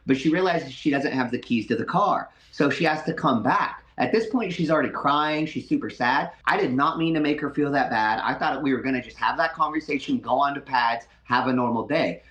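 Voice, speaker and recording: A man's voice: mid-range voice, fairly bright tone. A boxing coach gives his side of a story on a podcast, emphatic and defensive. The clip carries a roomy, echoey sound. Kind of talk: animated retelling on a podcast.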